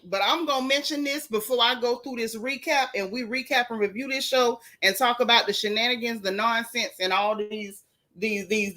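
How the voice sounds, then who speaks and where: A woman's voice: on the high side, bright, forceful tone. A woman hosting a casual live stream, chatting and greeting viewers by name with down-home slang.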